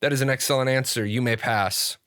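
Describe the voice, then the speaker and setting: A stern older man guarding a school door, curt and dry, firing back questions at anyone who greets him, as a man puts him on. The voice sits at an ordinary middle pitch with a dry, close sound. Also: fairly even intonation, brisk, fairly bright tone, clear, resonant tone, no room sound, close to an everyday voice.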